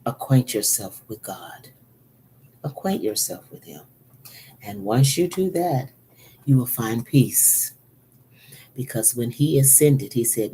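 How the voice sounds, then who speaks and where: A woman's voice: very deep voice, expressive, slow, long pauses, dark tone, slight background noise. A woman prophet giving an earnest sermon, repeating phrases for emphasis and now and then dropping to a whisper. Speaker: prophet and preacher. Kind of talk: spoken sermon teaching.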